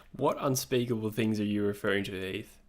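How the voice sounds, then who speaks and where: A young Australian man hosting a live stream, chatting casually and answering his viewers' messages. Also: on the low side.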